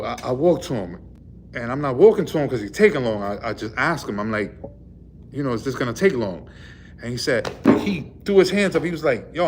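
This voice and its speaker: A man's voice: mid-range voice, a little mellow, slight background noise. A man, a truck driver, casually retelling a run-in with the police, rambling and full of fillers. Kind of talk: casual storytelling vlog. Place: in a vehicle.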